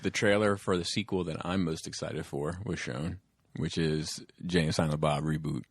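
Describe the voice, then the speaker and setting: A low-voiced man chatting loosely as a podcast host. He rambles through stories with plenty of fillers. The sound is close and dry, with no room echo. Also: steady tone, normal speed, breathy edge. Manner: rambling, acts out movie scenes with laughter. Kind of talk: casual chat.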